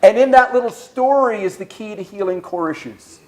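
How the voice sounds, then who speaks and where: A man giving an animated sermon-style talk at a church service, telling stories and questioning the audience. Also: high voice, normal speed. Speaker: speaker.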